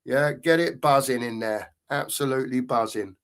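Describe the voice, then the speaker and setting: A man's voice: medium pitch, moderate pace. A middle-aged man hosting a casual live football stream, reading out chat and greeting viewers in a matey way.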